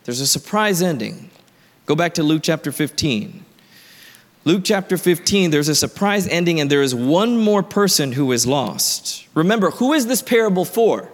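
A man preaching in a large hall with a long, echoing reverb. His voice sits a little high, and he tells his story conversationally, building to emphatic points. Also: sing-song, normal speed. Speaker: pastor. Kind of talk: sermon.

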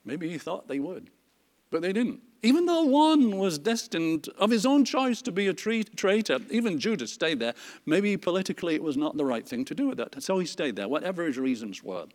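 Earnest guy teaching bible study, slightly high voice, lots of ums, echoey hall. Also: big pitch swings, brisk, darkish tone. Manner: earnest, emphatic, with many fillers and restarts. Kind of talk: lesson reading scripture. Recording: long hall reverb.

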